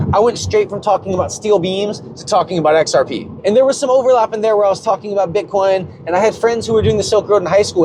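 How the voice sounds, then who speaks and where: A young man ranting unscripted about crypto as a YouTuber, rambling, profane and confessional, with vehicle noise behind him. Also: on the high side. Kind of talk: unscripted rant.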